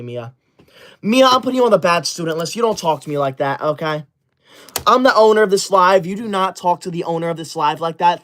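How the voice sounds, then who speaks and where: A man's voice: on the high side, fairly bright tone. A man in his twenties hosting a livestream, reading chat comments and scolding viewers like a strict teacher. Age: 20s. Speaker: livestream host.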